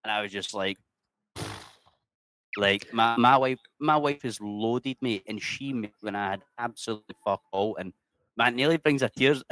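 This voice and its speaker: Speaking a little slowly, this interview guest has a fairly low, slightly bright voice and a Scottish accent. He's middle-aged and chatty, spinning casual stories full of swearing and plenty of "mate." There's no room sound.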